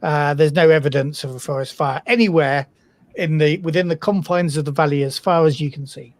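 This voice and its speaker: A game master from the United Kingdom narrates a tabletop role-playing game at a mid pitch. The delivery is hesitant, with many fillers and restarts, and the recording is dry and close. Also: fairly quick, dry recording. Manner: hesitant, filler-heavy, self-deprecating.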